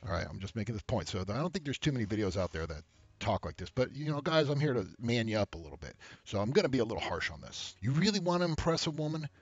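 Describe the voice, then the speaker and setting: Blunt, husky-voiced man giving dating advice. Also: sing-song, fast talker, muffled recording. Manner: blunt and profane, acts out quotes in high mocking voices, laughs often. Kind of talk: casual advice rant to camera.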